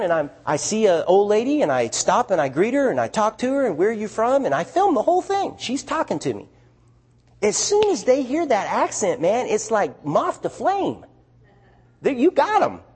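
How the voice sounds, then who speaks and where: A man's voice: high-pitched, slightly rough. A man with a Southern US accent telling stories to an audience as a missionary speaker, chatty and full of restarts. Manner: animated, chatty storyteller with restarts. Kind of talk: storytelling talk to an audience.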